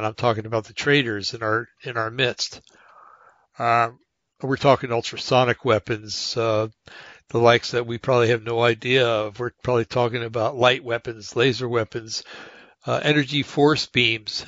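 A man's voice: mid-range voice, steady tone, moderate pace, a bit bright, dry recording, dull audio. A man hosting a podcast, talking in a rambling casual monologue full of fillers and restarts as he reads articles aloud. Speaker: podcast host.

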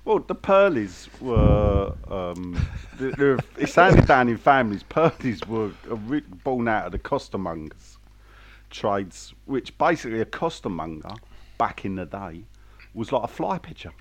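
Chatty low-voiced man. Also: big pitch swings, measured pace, noisy background. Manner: chatty, laughing, rambling anecdotes. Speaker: co-host. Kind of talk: casual chat.

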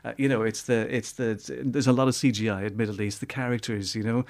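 A male movie reviewer talks quickly and excitedly on a radio call-in segment. He stumbles and repeats himself as his thoughts run ahead, and his voice sits at an ordinary middle pitch. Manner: animated, repeats words while searching for them. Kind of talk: radio film review chat.

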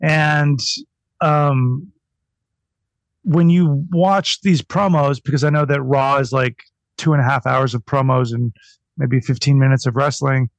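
Slow-talking, irreverent male podcast guest. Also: mid-range voice, steady tone, no room sound. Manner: laughing, irreverent, mocking. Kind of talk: casual podcast interview.

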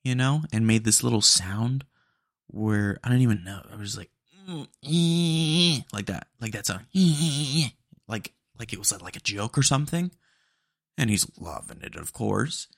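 A young male podcast host tells retail stories in a chatty, slangy monologue packed with fillers. His voice is fairly low with vocal fry, moving at a moderate pace. The studio-quality recording has no room sound.

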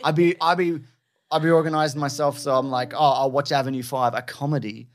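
A man's voice: fairly high pitch, a little fast. A man co-hosting a podcast, chatting casually with sarcastic jokes and swearing. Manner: sarcastic, swears casually, animated mock voices. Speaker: podcast co-host. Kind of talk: casual chat.

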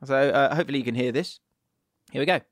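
A man's voice: mid-range voice, fast talker, dry recording, clean studio sound. A man hosting a casual podcast, chatty and laughing as he reads listener messages aloud. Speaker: podcast host.

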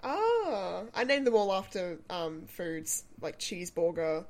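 A woman's voice: mid-range voice, huge pitch swings, slow. A woman chatting casually and laughing often, with lots of "like". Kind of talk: casual chat.

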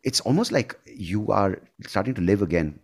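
A man hosts a conversational interview and speaks reflectively and earnestly about his own experience. His voice sits on the lower side for a man. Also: expressive, moderate pace, a little hiss or hum. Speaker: host.

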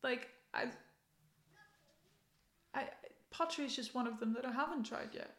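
Higher-voiced young woman in an echoey room. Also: moderate pace, a bit bright. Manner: thoughtful, repeats herself, laughs easily. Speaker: guest. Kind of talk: casual chat.

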